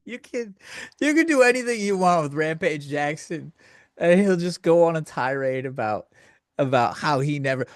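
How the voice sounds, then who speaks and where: A man hosting a comedy podcast goes on a crude, sardonic, rambling rant. His voice is on the high side, with lively intonation and a normal speed. The studio-quality recording has no echo.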